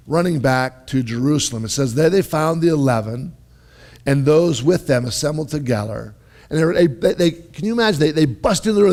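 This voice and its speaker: A man preaching a sermon in a lively, conversational way, often checking in with his listeners and restarting his phrases. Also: a little high. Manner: animated, conversational, with repeated "right?" and restarts. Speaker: pastor.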